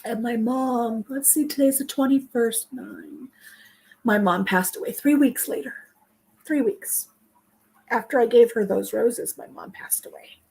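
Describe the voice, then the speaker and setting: A woman's voice: fairly high pitch, big pitch swings, unhurried, creaky, a little mellow, breathy edge. Tearful middle-aged woman talking through tears. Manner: tearful, speaks through crying. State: crying. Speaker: vlog host. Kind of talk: casual chat while baking. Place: home kitchen.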